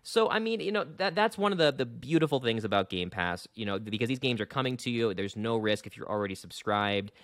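A man hosting a casual gaming podcast, rambling and animated with lots of fillers. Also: medium pitch, brisk, few pauses, no echo, clean studio sound. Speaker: podcast host.

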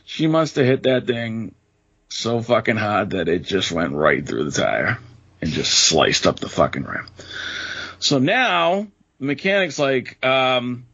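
Husky, animated man. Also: fairly low pitch, a little slow. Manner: animated, heavy swearing. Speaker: podcast co-host. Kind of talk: casual storytelling chat. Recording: dull lo-fi podcast audio.

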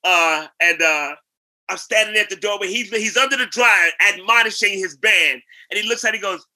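Animated, bright-voiced storytelling man from New York. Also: sits high, brisk. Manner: animated anecdote-telling, acting out voices. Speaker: guest, singer and actor. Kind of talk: casual storytelling interview.

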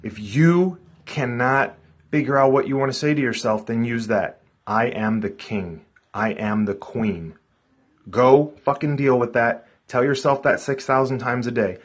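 A man's voice: mid-range voice, husky. A man giving a blunt, profane motivational pep talk to his viewers in a casual vlog. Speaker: vlogger.

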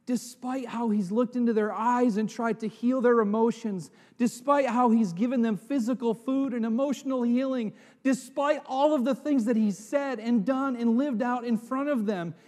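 Pastor guy preaching, high voice, goes quiet then big dramatic shouts, long echo in a church hall. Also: moderate pace, hardly any pauses. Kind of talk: sermon.

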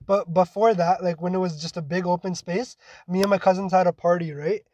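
A man's voice: high-pitched, steady tone, fairly quick, mellow, slight background noise. A young man from Toronto, co-hosting a podcast and telling a long story in casual chat, swearing often and tagging lines with "right?". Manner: rambling storyteller, heavy swearing, frequent "like" and "right?". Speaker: podcast co-host.

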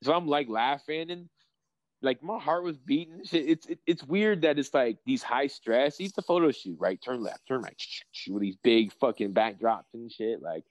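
A young man, a professional fighter, chatting casually in an interview and telling rambling, excitable, profane stories. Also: medium pitch, moderate pace, dry recording, poor audio.

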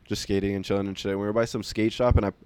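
A man's voice: on the low side, flat delivery, racing, a little mellow, clean tone. A young man telling stories in casual chat, rambling with lots of fillers and swearing.

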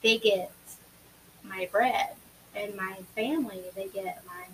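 A woman's voice: medium pitch, takes it slowly, slight background noise, poor audio. A woman co-hosting a podcast who speaks candidly and reflectively in casual chat. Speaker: podcast co-host.

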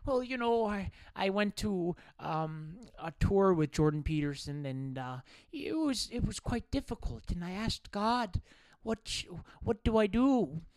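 An earnest, soft-spoken middle-aged wife, as a man puts her on, telling her story slowly and sincerely. The voice sits fairly high and rings smooth and clear. The sound is close and dry. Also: lively intonation, no room sound.

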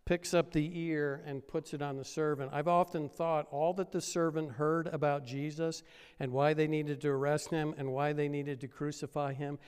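A pastor preaching a sermon, retelling a story and building up to loud, emphatic peaks. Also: male voice, fairly high pitch, smooth, in a large hall.

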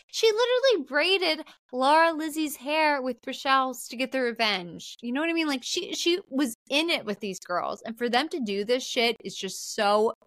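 A woman co-hosting a podcast, casually recapping a film in an animated way, full of "like" and casual swearing. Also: high voice, no echo. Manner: animated, swearing, filler-heavy "like". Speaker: podcast co-host.

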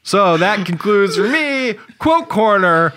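Slow, bright-voiced male podcast co-host. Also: sits high, big pitch swings. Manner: dry, amused, reading out quotes. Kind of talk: casual movie podcast chat.

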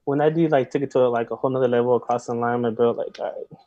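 A man guest on a podcast, telling a story in casual chat, animated and full of slang and filler words. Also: medium pitch, fast talker, no room sound, lo-fi sound. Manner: animated, heavy slang, many filler likes.

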